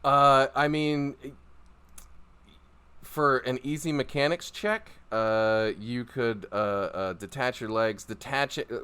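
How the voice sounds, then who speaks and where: A man narrating a tabletop game as game master, hesitant, with many pauses and restarts. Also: on the low side, a bit bright, smooth.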